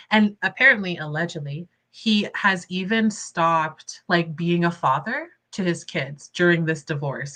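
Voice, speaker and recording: A young woman hosting casual livestream commentary, expressive and indignant, laughing often between points. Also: fairly low pitch. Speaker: commentary channel host.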